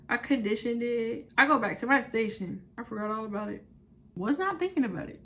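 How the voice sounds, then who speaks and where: Blunt, animated young woman telling a story. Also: on the high side. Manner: animated, blunt, heavy swearing. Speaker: vlogger. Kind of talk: casual storytime vlog.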